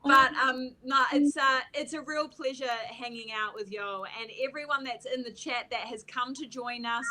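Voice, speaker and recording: A woman podcast host thanks her listeners in a loose, slangy way, with some mild swearing. Her voice sits a little high. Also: normal speed, few pauses, pushed and bright. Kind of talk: casual chat.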